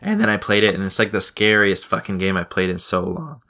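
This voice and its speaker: Low, bright-voiced rambling man. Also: expressive, brisk. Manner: rambling, profane, many restarts. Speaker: podcast host. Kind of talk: casual podcast chat.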